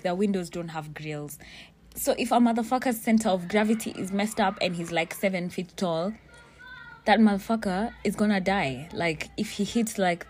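A young woman tells a story in a lively, casual way, with a slightly low voice. She swears freely and slips into Swahili now and then. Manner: animated, swears freely, mixes in Swahili phrases. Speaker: vlogger telling a story. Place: in a car with friends.

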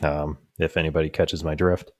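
A man's voice: very deep voice, flat delivery, moderate pace, dry recording, studio quality. A young man on a podcast, telling rambling stories with lots of fillers and restarts, often laughing at his own punchlines. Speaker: podcast co-host. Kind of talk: casual chat.

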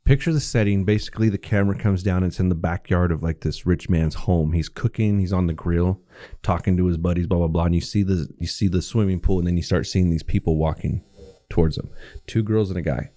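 A man with a low, mellow voice rambles through a casual podcast chat, swearing freely as he retells scenes. The sound is dry and close. He talks in loose, run-on stretches. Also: fairly quick, no room sound. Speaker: podcast co-host.

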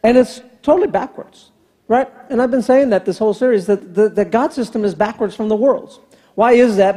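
Man in his fifties, pastor, high mellow voice, storytelling sermon, long church reverb. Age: 50s. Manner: storytelling preacher who acts out family dialogue. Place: large church hall. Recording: long hall reverb from the sanctuary.

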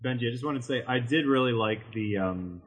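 A man talking on a podcast as a co-host in a hesitant, halting way. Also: medium pitch, husky. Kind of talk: casual podcast discussion.

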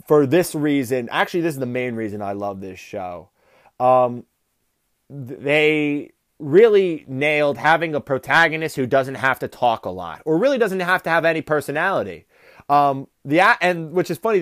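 A man's voice: medium pitch, no room sound, studio quality. A man hosting a podcast, ranting through a casual comedic review with a profane, rambling delivery. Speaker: podcast host.

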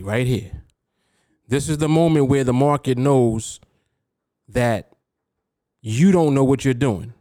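A man's voice: mid-range voice, darkish tone, no room sound, studio quality. A man with a New York accent hosting a solo podcast, lecturing in a preachy way and throwing out rhetorical questions. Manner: preachy, rhetorical, keeps asking "you see?". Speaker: podcast host and trading coach.

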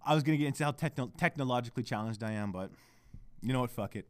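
A man speaks very fast at medium pitch in a solo podcast rant, heated and full of constant swearing. He's the host, recording at home on a microphone at a laptop, and there's no room sound.

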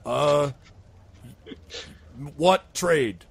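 A man doing a gravelly dim-witted bridge brute. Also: fairly high pitch, level tone, no echo, exaggerated voice. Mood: puzzled. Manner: broken halting speech, slow and gravelly. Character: dim-witted brutish male bridge guardian with club.

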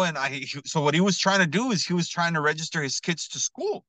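A man's voice: fairly high pitch, brisk, no echo, low-quality recording. A man telling a personal story in casual, slangy podcast talk, peppered with "bro" and "you know what I mean", earnest and emphatic. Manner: earnest, builds to excited emphasis.

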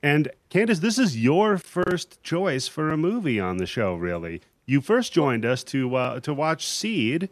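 A young man hosting a horror movie podcast, talking in a relaxed, joking way and swearing casually. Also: fairly high pitch, a little slow, few pauses, no room sound. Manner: laid-back, jokey, swears casually. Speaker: podcast host.

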